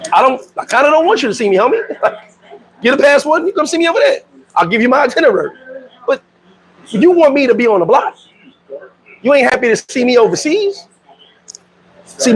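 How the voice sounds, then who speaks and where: A middle-aged man from New York in a casual livestream. He talks in animated street slang, laughs often and reads out viewer comments. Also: extremely high pitch, a little hiss or hum, poor audio. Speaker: vlogger.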